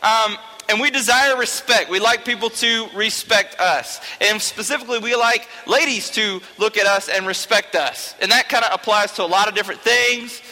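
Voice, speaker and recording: Man, youth teacher, high voice, joking and chatty, long hall reverb. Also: moderate pace, hardly any pauses, bright, forceful tone. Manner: joking, chatty, often checks in with 'okay?'. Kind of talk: informal talk to a youth group.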